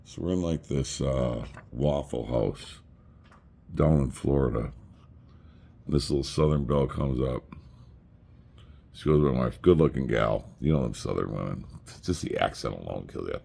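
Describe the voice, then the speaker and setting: This middle-aged man has an expressive bass voice that's creaky and mellow with a breathy edge, and he talks at normal speed, pausing often. A vlogger, he rambles through family photos, telling crude, profane, joking stories.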